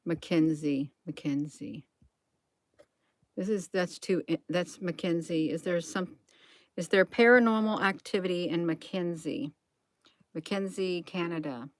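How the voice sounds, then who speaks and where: A woman's voice: lowish voice, measured pace, dry recording. A woman hosting a casual livestream, musing aloud, reading from the screen and answering chat. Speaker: livestream host.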